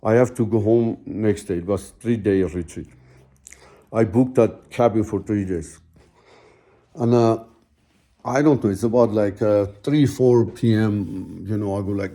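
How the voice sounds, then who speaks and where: A man's voice: on the low side, measured pace, long pauses, warm tone. A man telling his own story in a rambling, heartfelt way, full of asides to the listener. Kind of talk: casual spoken storytelling.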